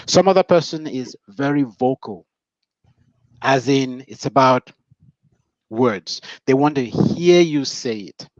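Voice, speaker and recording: Man giving measured relationship advice. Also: mid-range voice, no echo. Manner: measured, preacherly, reflective. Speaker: relationship coach. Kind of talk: motivational advice talk. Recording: dull, dry lo-fi sound.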